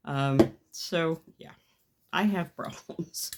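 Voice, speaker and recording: A low-sitting female voice with vocal fry, a little slow, competes with heavy background noise. She's a mixed media artist in her home craft studio, casually narrating a gel plate printing project, chatty and frequently laughing at her own expense.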